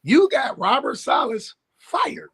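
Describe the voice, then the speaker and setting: Animated husky-voiced man arguing sports. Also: very high-pitched, takes it slowly. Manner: emphatic, blunt, animated. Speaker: sports talk co-host. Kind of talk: casual sports debate.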